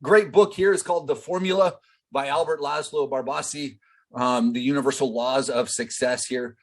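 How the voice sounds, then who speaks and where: Steady in tone and normal in speed, a man with a medium-pitched voice coaches business on a live online group call. He talks loosely and conversationally with plenty of fillers and direct asks to the group; the audio comes from a video-call microphone.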